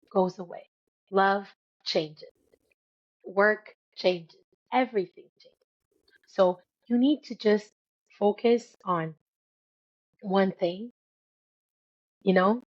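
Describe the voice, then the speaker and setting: A woman's voice: medium pitch, slow, pauses often, darkish tone. Woman interview guest, earnest emphatic delivery, muffled lo-fi audio. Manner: earnest, emphatic, repeats key words. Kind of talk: motivational interview talk.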